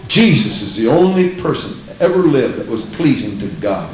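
A man's voice: mid-range voice, big pitch swings, normal speed, roomy sound, rough recording. A man preaching a sermon in an emphatic way, repeating lines and asking the congregation questions.

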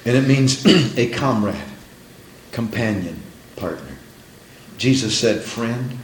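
A man preaching a sermon, swinging from hushed tones to shouted, dramatic passages. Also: mid-range voice, lively intonation, takes it slowly. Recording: roomy echo with faint background noise.

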